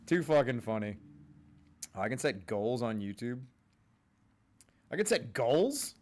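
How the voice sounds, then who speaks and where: A man's voice: medium pitch, very animated, measured pace, a little mellow. A young man hosting a livestream, rambling casually, swearing a lot and laughing often at his own jokes. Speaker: livestream host.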